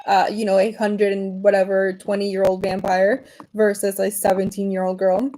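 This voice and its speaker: Woman, mellow tone, loose rambling livestream chat full of fillers. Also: medium pitch, little pitch movement, moderate pace, rough recording. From Venezuela. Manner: rambling, frequent fillers and restarts. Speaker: livestream host.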